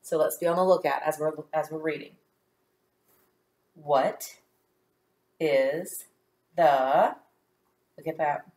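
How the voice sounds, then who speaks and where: In a recorded phonics lesson for young children, a woman teacher speaks slowly, clearly and patiently, sounding out words and spelling them letter by letter. Her voice sits low with a darkish tone and little pitch movement.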